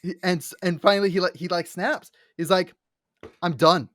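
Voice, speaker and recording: A young adult woman co-hosting a casual podcast, excitedly retelling scenes with lots of likes, restarts and acted-out quotes. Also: lowish voice, fairly quick, dry recording, studio quality. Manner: animated storyteller, acts out quotes with many likes and restarts. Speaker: podcast co-host. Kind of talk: casual fan chat.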